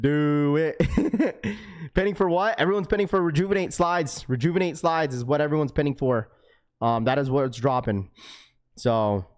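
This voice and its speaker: A man in his thirties hosting a sneaker livestream, chatting casually and excitedly with viewers in slang, with the odd swear word. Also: mid-range voice.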